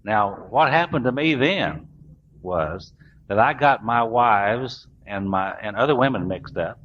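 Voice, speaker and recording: A man's voice: lowish voice, animated, unhurried. Folksy man telling his story. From US South. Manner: folksy, self-mocking, drawling humor. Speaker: recovering alcoholic speaker. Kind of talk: storytelling talk to a recovery meeting. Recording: dull lo-fi recording, faint room hiss.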